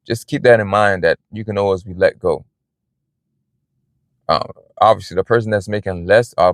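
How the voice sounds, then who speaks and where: A man's voice: on the low side, no room sound, studio quality. A man vlogging from a big parking lot outdoors, talking in a rambling, earnest, casual way, often saying "man" and "you know.". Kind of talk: casual personal vlog talk.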